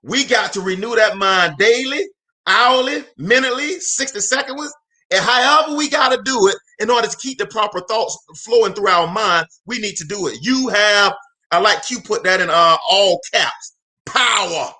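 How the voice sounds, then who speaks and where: A man from Alabama delivers a motivational talk in the cadence of a preacher. His voice sits high and rings bright. He repeats his lines for emphasis and calls out to listeners by name. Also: normal speed. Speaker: motivational host.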